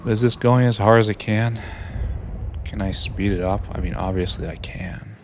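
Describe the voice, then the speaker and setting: While playing a game, a man offers casual commentary as a streamer, muttering to himself with dry self-mockery. He talks at a normal speed in a lowish voice, and there's slight background noise.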